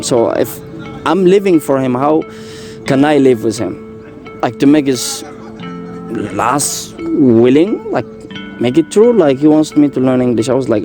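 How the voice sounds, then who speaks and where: A man's voice: mid-range voice, big pitch swings, music in the background. Earnest young man telling his story. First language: French. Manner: earnest, halting, with many fillers and restarts. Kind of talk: personal story in casual talk.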